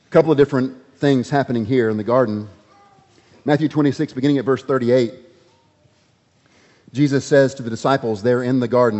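A man preaching a sermon, dramatic, swinging from loud emphatic lines to hushed ones. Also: medium pitch. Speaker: pastor. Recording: dull audio with long hall reverb.

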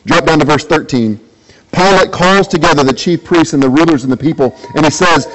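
A man's voice: a little fast, a bit bright, slight background noise, low-quality recording. A man preaching a sermon, reading scripture and asking his listeners repeated rhetorical questions. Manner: rhetorical questions, acts out quoted lines with rising pitch. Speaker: pastor.

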